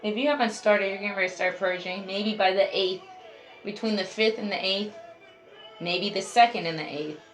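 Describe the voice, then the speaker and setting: A woman's voice: mid-range voice, normal speed, fairly bright tone. A woman giving a casual tarot reading, chatty and talking straight to her viewers as a group. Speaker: tarot reader. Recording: roomy echo, faint music behind.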